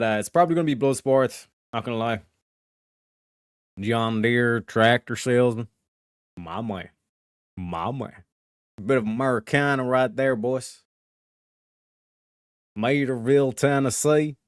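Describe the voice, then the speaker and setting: A man's voice: medium pitch, steady tone, measured pace, pauses often, clean tone, no room sound. Male streamer, casual profane rambler, dry close mic. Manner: rambling, profane, lots of filler phrases. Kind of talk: casual livestream chat.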